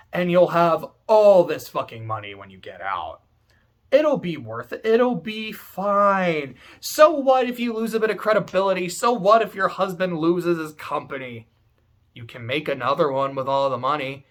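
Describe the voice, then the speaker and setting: A man's voice: high-pitched, a bit bright. Wheedling selfish schemer woman, offhand and profane, as a man voices her in his own voice. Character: selfish scheming adult woman talking others round.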